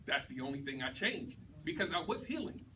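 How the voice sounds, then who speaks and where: A man giving an animated testimonial to a responsive group. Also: medium pitch, fairly quick. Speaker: testimonial speaker. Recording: distant mic with background noise.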